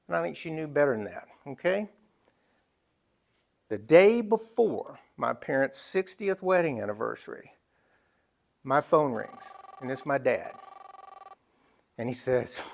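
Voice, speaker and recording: A man in his sixties tells a personal story as a speaker. His voice sits fairly high for a man, and he leans on emphatic phrasing broken up by dramatic pauses. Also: expressive, gravelly.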